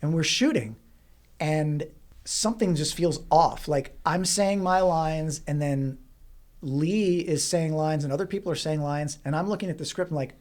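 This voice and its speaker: A man guesting on a relaxed interview, recounting a story in a lively, self-deprecating way. He laughs easily and keeps the telling loose and conversational. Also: a little high, normal speed. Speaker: guest filmmaker and actor.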